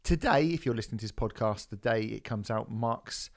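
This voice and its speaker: A man's voice: lowish voice, brisk. A man co-hosting a music podcast, joking and bantering casually, swearing now and then. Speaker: podcast co-host.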